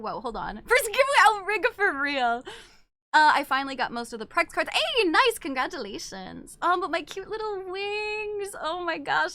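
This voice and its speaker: Bright excitable young woman streamer. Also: high voice, no echo. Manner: excitable, gushing, swears casually. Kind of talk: casual live-stream chat.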